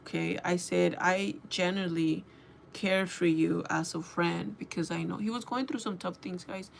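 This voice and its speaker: Young female vlogger, fry-heavy voice, animated and profane, telling a story to camera. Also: fairly low pitch, normal speed, slight background noise. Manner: animated, swearing, quoting herself and others. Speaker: beauty vlogger. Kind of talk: casual storytime rant.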